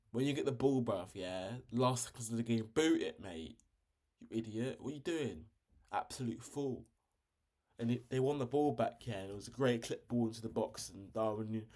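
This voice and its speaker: A man hosting a casual football review, blunt and slangy, with fired-up opinions and frequent pauses. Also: on the low side, a little mellow. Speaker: football channel host.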